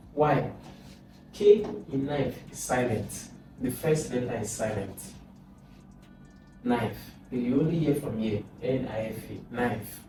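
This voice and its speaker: Nigerian man, exam tutor, slow, far from mic, music behind. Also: medium pitch, very echoey. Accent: Nigerian English. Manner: slow, thinks aloud, repeats sounds over and over. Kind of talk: informal exam lesson.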